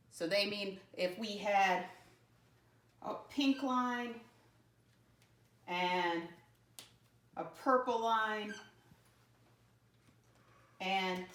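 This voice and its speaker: A woman teaching young children a math lesson, talking slowly, spelling words out letter by letter, and making playful jumps in pitch. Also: fairly bright tone, distant mic. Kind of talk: early-grade math lesson. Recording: roomy sound from off-mic.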